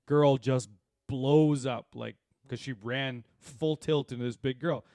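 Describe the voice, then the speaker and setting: A man, co-hosting a podcast and telling animated, rambling stories full of fillers and asides. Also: medium pitch, slow pace, dry recording, clean studio sound. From Saskatchewan, Canada. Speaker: podcast co-host. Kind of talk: casual chat.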